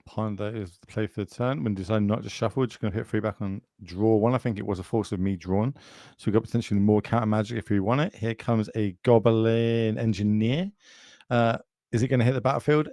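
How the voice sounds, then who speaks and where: A man's voice: fairly low pitch, fairly even intonation, fairly quick, warm tone, no echo, clean studio sound. A man with a British accent doing chatty, jokey live commentary on a card game and speaking straight to viewers.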